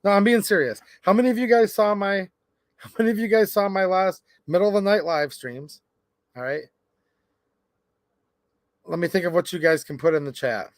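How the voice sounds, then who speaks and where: A man hosting a casual live stream, chatting and reading viewer comments aloud in an animated way. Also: high voice, moderate pace, pauses often, no room sound, clean studio sound. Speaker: livestream host. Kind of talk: casual livestream chat.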